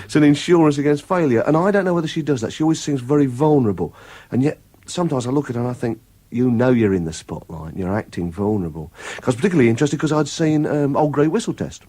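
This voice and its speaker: A man's voice: on the high side, very fast, warm tone. A man chatting casually on a radio show as a regular contributor, rambling through anecdotes and mimicking voices for comic effect.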